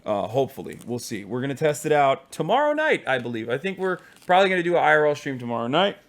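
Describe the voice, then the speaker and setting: A male streamer putting on a pompous posh upper-class English accent, talking in a mock-genteel way with lively swoops. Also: a little high, quick pace. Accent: posh English (put on). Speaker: live streamer. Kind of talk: mock-posh comedic monologue.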